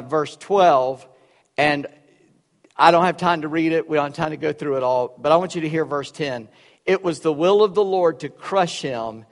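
Preacher in a reverberant hall. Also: male voice, on the high side. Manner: conversational, storytelling with asides and self-corrections. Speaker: pastor. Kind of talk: sermon.

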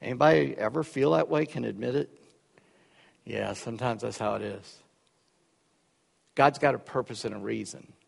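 A man's voice: medium pitch, moderate pace, vocal fry, long pauses, big-room sound. A man preaching a sermon in a conversational, storytelling way with joking asides. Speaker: pastor.

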